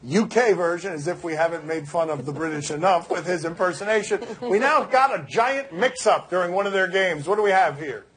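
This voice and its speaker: A playful male host cracking quick jokes on a sports talk show. His voice sits high and often breaks into laughter. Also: lively intonation, fairly bright tone, husky. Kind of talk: casual chat.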